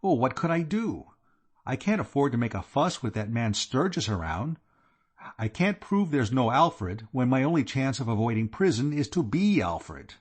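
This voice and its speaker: A man voicing a despairing young gentleman who talks in a fretful, plaintive way. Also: medium pitch, big pitch swings, normal speed, voice pushed up.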